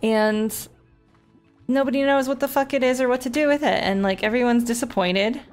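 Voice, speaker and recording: A woman streamer in casual gameplay commentary, telling stories in a chatty, animated way and swearing often. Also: a little high, moderate pace, faint music behind.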